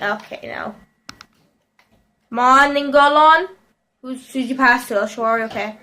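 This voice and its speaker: A young woman giving casual commentary over a football video game, shouting and squealing at plays and chatting to her pet bird. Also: sits high, takes it slowly, long pauses. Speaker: gaming video host.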